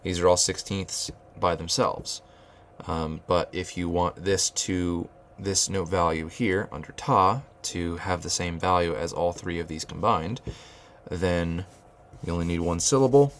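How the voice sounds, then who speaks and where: A man with a very low, gravelly voice explains rhythm as he writes it out. He talks it through loosely, with fillers and restarts, and chants the counting syllables. A faint hiss sits under the recording. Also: a little slow. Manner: thinking aloud with many fillers and restarts. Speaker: music teacher. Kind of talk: whiteboard rhythm lesson.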